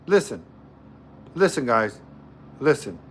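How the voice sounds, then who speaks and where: A man's voice: mid-range voice, big pitch swings, takes it slowly, breathy edge. A man hosting a livestream, telling a story to his chat in a casual, joking way and repeating himself often. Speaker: livestream host.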